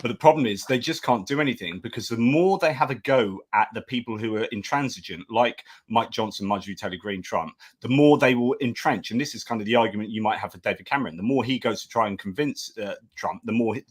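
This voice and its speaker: A man's voice: on the low side, quick pace, breathy edge. A man appearing as a guest commentator, thoughtfully building up an argument in a discussion. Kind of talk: analytical discussion.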